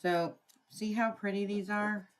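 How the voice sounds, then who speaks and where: A woman's voice: medium pitch, fairly even intonation, a little slow. A woman running a live crafting tutorial, chatting through each step and greeting viewers by name. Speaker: craft demonstrator.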